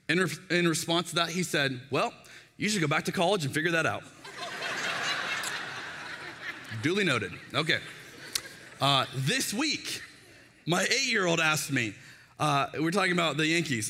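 A man in his thirties preaches a sermon, his high voice bright and forceful. He swings his pitch all over as he tells stories and acts out the voices in them. A long reverb trails each phrase in a big room. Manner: animated storytelling, acts out quoted voices. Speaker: pastor.

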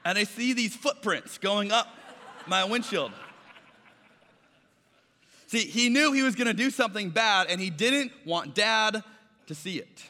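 Pastor guy preaching, chatty storyteller, kinda high bright voice, big echoey church sound. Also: lively intonation, unhurried, long pauses. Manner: storytelling, conversational, acting out quoted voices. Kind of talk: sermon.

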